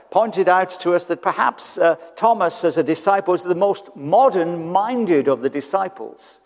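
A British man preaching a sermon in church, conversational and fond of rhetorical tag questions. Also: fairly high pitch. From Britain. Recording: church hall with long reverb.

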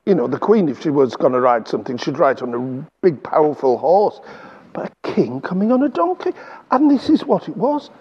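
A man with an English accent leading a lively children's Bible talk, coaxing the kids along and drawing out words slowly. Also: fairly high pitch, husky, dull audio.

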